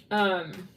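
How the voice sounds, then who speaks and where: A woman's voice: medium pitch, far from the mic, a little hiss or hum. Giggly Californian woman rambling through a tarot reading. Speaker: tarot reader.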